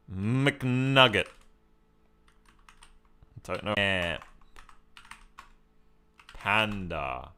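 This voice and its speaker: A man's voice: mid-range voice, pushed and bright, smooth. A man giving chatty live-stream commentary as he talks to his chat and often laughs. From Australia.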